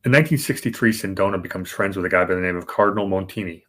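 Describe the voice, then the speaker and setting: A man's voice: low voice, rapid-fire, fairly bright tone. A man co-hosting a podcast, explaining banking history casually, with fillers and restarts. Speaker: podcast co-host.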